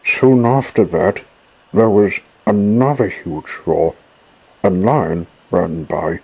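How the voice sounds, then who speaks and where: Slow, husky male storyteller. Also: sits low, a little mellow, low-quality recording. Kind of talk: children's storybook reading.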